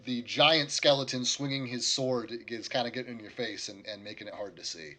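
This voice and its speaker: A man's voice: mid-range voice, a little fast, pushed and bright. A man narrating combat as game master, in a loose, profane, rambling way with many fillers.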